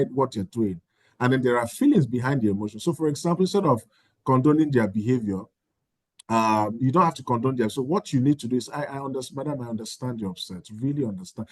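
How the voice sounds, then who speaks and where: A man's voice: mid-range voice, dry recording. Man teaching in a dry, close voice. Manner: conversational, acts out sample dialogues with parents. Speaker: course facilitator. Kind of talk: online training lecture.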